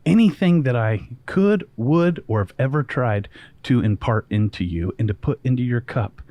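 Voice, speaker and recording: Give me a calm, wise old master teacher, as a man puts him on, in a dry, close voice. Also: medium pitch, no echo, muffled recording, natural voice. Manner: calm, measured.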